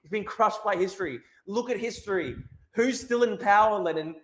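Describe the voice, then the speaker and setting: Australian man, mid-high voice, crude mocking stream ranter, roomy echo. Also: normal speed, a bit bright. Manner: crude, mocking, repetitive ranting. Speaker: live streamer. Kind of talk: casual live-stream commentary.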